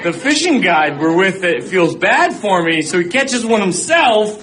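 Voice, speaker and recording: A man doing stand-up storytelling in an animated way, often laughing as he tells it. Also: high-pitched, unhurried, low-quality recording. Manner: animated, acts out voices, laughing. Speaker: stand-up comedian. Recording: live club set with loud audience. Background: audience laughter.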